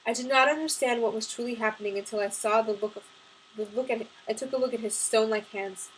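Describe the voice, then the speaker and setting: A woman's voice: fairly high pitch, fast talker, slight background noise, poor audio. A woman reading aloud from her own novel, chatting casually with ums before she begins. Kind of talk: audiobook-style chapter reading.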